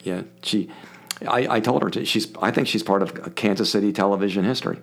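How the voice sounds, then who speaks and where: Older man from Philadelphia, podcast guest, slightly low voice, animated storyteller. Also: fairly quick. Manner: animated, acts out quoted voices. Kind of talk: casual storytelling.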